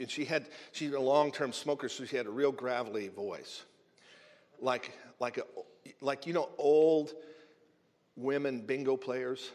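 A man who is a minister telling a humorous story in a sermon, animated and often chuckling as he talks. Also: mid-range voice, unhurried. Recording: long hall reverb.

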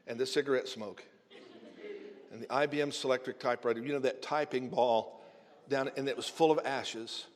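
A man who is a minister telling a humorous story in a sermon, animated and often chuckling as he talks. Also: mid-range voice. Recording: long hall reverb.

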